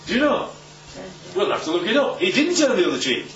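A man's voice: sits high, fairly quick. A man preaching to a live audience, teaching emphatically and checking in with rhetorical questions. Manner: emphatic, lively teaching delivery. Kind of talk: sermon-style Bible teaching. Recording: echoey, distant, muffled room recording.

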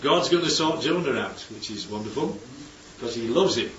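His voice is medium-pitched, fairly quick and fairly bright, with lively intonation that rises and falls widely as he preaches. The man gives a chatty, conversational sermon, continually asking the congregation rhetorical questions. Sitting far from the mic in an echoey church hall, he's captured with somewhat dull sound and faint background noise.

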